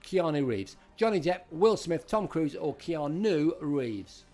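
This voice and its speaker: A man's voice: a little high, expressive, takes it slowly, a little mellow, faint music behind. A middle-aged man hosting a live-streamed retro quiz, chatting and greeting viewers by name as he reads out questions. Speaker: host.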